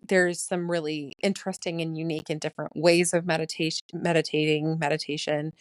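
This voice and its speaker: A woman hosting her own podcast, talking fast and excitedly in a casual solo chat with frequent ums. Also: sits low, smooth, dry recording. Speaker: podcast host.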